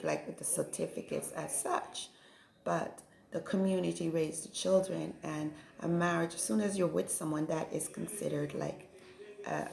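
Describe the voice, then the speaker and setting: With a creaky, lowish voice, this spiritual vlogger from the Caribbean reflects and preaches in a monologue, regularly asking "right?" to check in with listeners. Faint music plays in the background of an echoey room.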